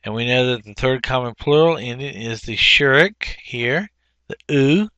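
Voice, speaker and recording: A man with a bright, clear voice walks through workbook exercises one by one, pausing on fillers and correcting himself as he goes. He is recorded close up on a dry mic with no room sound. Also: medium pitch, no echo, lo-fi sound. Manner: unhurried, explanatory, frequent fillers and self-corrections. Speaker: teacher. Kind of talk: workbook walkthrough lesson.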